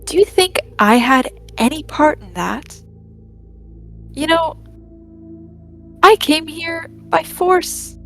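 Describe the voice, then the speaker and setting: A woman's voice: high voice, expressive, slow, pauses often, fairly bright tone, soft background music, voice pushed up, heavily acted. A woman voicing a defiant young woman in a tabletop game, angry and defensive about her father. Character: defiant young woman, emperor's daughter, bitter.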